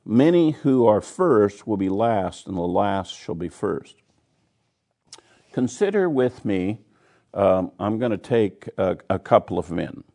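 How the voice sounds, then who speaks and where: A man's voice: lowish voice, big pitch swings, slow pace, gravelly, warm tone. A man teaching a Bible study, reading scripture passages aloud and then explaining them in plain, conversational terms.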